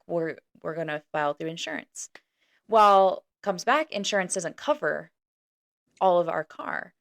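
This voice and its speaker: A woman who is a guest on a podcast, talking in a casual, supportive way. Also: lowish voice. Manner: supportive, chatty, laughs easily. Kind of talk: casual chat.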